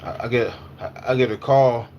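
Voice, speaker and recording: A man in his twenties or thirties talks loosely on a livestream, repeating phrases and reacting to chat in slangy everyday speech. His pitch sits in a middling range, and a faint hum runs under the recording. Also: moderate pace, lo-fi sound.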